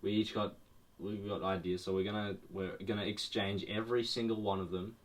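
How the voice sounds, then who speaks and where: A young man co-hosting a podcast in casual chat, rambling with restarts and swearing freely, his voice a little low and groggy in the morning. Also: little pitch movement, a little fast, a little hiss or hum. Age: young adult. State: morning voice, a bit lower than usual. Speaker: podcast co-host.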